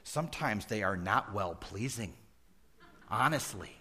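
A man preaching a sermon, moving from folksy asides to loud emphatic peaks and dropping to near-whispers. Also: lowish voice, lively intonation, a little slow, breathy edge. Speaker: pastor.

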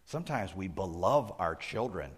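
A man preaching a sermon, moving from folksy asides to loud emphatic peaks and dropping to near-whispers. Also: low-pitched, expressive, moderate pace, husky. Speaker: pastor.

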